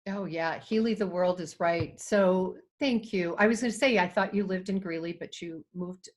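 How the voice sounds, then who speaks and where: A woman's voice: on the low side, moderate pace. A woman hosting a panel on a video call, chatty and enthusiastic as she introduces guests. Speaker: host.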